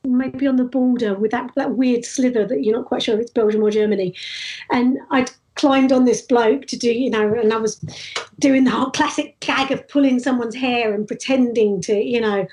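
Woman, high voice, chatty anecdotal interview guest. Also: normal speed. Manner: chatty, animated anecdotes with frequent restarts. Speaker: street performer guest. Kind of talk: casual interview storytelling.

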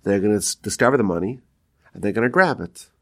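A man's voice: lowish voice, expressive, quick pace, a bit bright, pitched below the performer's own voice. A man voicing an old father speaking from the afterlife, explaining earnestly.

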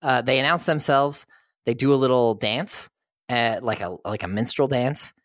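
A man's voice: medium pitch, moderate pace, fairly bright tone, no echo. Male podcast co-host, laid-back film recap with frequent chuckles, dry close sound. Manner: chuckles while retelling.

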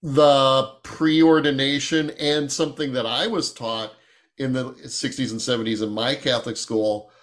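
Man, 60s, host, measured questioning. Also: medium pitch, fairly even intonation, a bit bright. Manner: leading questions, storytelling. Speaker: podcast host. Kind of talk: casual discussion.

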